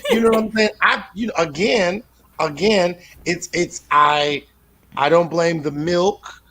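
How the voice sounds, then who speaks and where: A man doing a rambling, profane stand-up comedy set, full of restarts and deadpan absurd asides. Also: sits high, unhurried.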